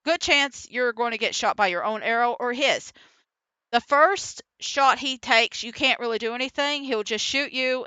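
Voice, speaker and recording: High bright excitable woman gamer. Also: smooth, dry recording. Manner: rambling, excitable, laughs often. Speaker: streamer. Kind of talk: casual gameplay commentary. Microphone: voiceover recorded after the stream.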